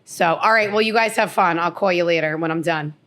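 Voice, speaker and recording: Woman from New Jersey, lowish voice, chatty podcast co-host, quick restarts. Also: fairly bright tone. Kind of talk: casual chat.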